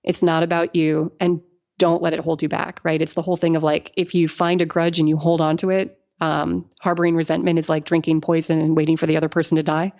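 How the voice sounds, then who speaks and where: Animated, lower-voiced woman engineer, lo-fi. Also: fast talker. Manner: animated, laughing often, acting out quoted people. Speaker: guest engineer. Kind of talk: casual interview storytelling. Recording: dull lo-fi podcast audio.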